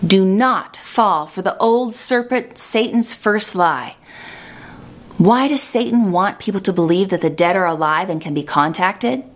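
A woman delivers an earnest sermon at a measured pace. She slows down to stress her key points, and her pitch sits in the middle range. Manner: earnest, measured preaching with slowed emphasis. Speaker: preacher.

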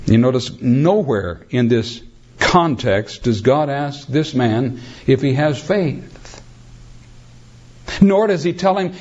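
A man preaching a sermon as a pastor, addressing the congregation as beloved in an animated preaching manner. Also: medium pitch, slow, lo-fi sound.

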